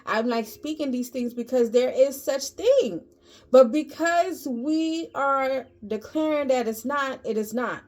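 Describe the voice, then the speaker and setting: A woman's voice: high-pitched, expressive, unhurried. A woman giving a casual motivational talk to her viewers, emphatic and preachy, repeating phrases. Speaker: vlogger.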